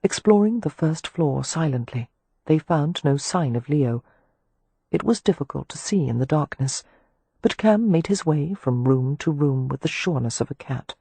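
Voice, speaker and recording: Measured audiobook narrator, woman, husky; dry booth sound. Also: low-pitched, dry recording. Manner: measured, even storytelling. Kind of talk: scripted narration of a historical romance.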